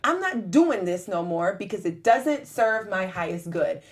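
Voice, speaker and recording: A woman's voice: medium pitch, expressive, unhurried. A woman co-hosting a casual talk show, speaking earnestly and with emphasis about faith and life lessons. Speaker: host. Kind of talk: casual chat.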